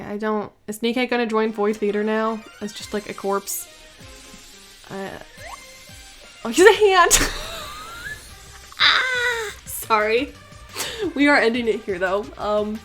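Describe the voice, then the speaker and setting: A young woman hosting a let's play, talking in a chatty, animated way with frequent laughs and fillers. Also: fairly high pitch. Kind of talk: casual gaming commentary.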